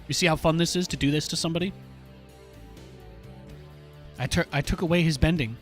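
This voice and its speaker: A man streaming from home, narrating his match in a slightly high voice with animated, playful jabs at his opponent. He speaks close into a desk mic, with faint music under his talk. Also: a little fast. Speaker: game streamer. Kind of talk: live gameplay commentary.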